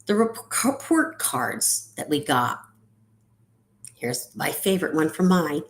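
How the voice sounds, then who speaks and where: Middle-aged woman, ADHD coach, low voice, podcast monologue, sing-song lifts and whispered drops. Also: takes it slowly. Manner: lively, sing-song delivery with sudden high lifts and drops to near whisper.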